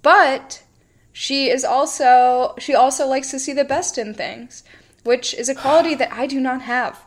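Unhurried, wry woman co-host. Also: high-pitched. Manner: teasing, wry, quick to laugh. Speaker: podcast co-host. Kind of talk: casual chat.

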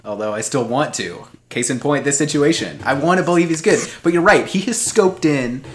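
A man's voice: fairly high pitch, lively intonation, normal speed, a little hiss or hum. A man co-hosting a podcast in casual chat, rambling and poking fun at himself, laughing often. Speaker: podcast co-host.

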